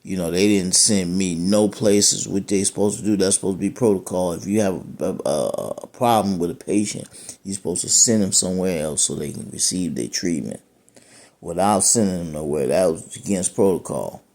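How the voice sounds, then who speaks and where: A man's voice: sits low, normal speed, darkish tone. A man, a dialysis patient, telling his own story of being turned away from care, rambling and repeating himself, frustrated and aggrieved. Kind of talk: personal testimony.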